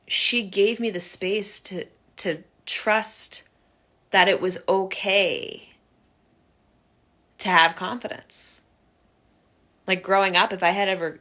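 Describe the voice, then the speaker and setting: Brief: young woman, low pitch, bright forward tone, earnest personal vlog confession with halting restarts. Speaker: vlogger sharing her recovery story. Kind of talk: personal reflective monologue.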